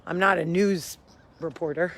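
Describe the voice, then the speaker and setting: A woman's voice: fairly low pitch, steady tone, moderate pace, fairly bright tone. Breathless woman rambling while walking. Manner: rambling, self-amused, swears freely. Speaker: host. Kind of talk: casual vlog chat. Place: outdoors, walking uphill.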